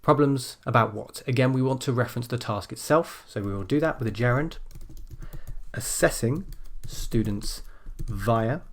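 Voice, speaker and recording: Male teacher, mid-pitched, steady explainer of writing skills, leans on key phrases. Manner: measured explaining, stresses key phrases as he types. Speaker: language teacher. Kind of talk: recorded essay-writing lesson.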